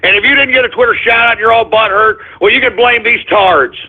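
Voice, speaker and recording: A man hosting a talk radio show, ranting and swinging from calm talk to angry shouting. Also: very high voice, fairly quick, slightly rough. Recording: muffled phone-like internet radio audio.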